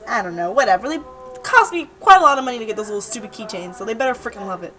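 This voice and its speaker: A young woman vlogs to her webcam diary-style, chatting casually, rambling, and repeating words. Her fairly high voice has lively intonation and a sharp tone and runs very fast. The recording quality is low.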